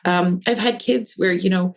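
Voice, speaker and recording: A woman's voice: fairly low pitch, moderate pace. A woman, a counselor and author, talking in a podcast interview and acting out parents' voices as she explains. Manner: animated, acts out parents' voices in quotes. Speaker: guest, developmental counselor and author.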